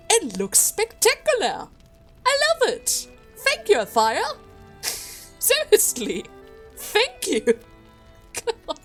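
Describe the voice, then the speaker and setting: A woman giving casual, giggly commentary while playing a video game and reading item text aloud. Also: fairly high pitch. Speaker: let's play gamer.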